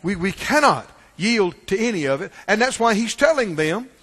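A man preaching a sermon in church, asking the congregation questions and swinging between loud calls and hushed asides. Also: high voice, big pitch swings, moderate pace, slightly rough. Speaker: pastor. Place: church sanctuary. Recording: long reverb of a large hall.

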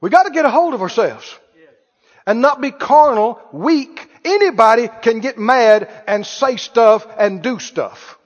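High-voiced preacher in a ringing hall. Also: male voice, animated, unhurried. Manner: conversational preaching, quizzes the congregation. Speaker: pastor. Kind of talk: sermon. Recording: muffled, reverberant hall.

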